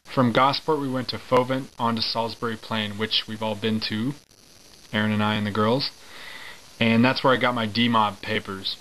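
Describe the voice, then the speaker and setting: Bright, informal male reader. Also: on the low side, steady tone, a little hiss or hum, poor audio. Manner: informal, halting, with fillers and self-corrections. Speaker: reader of a memoir. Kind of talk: casual recorded reading with asides.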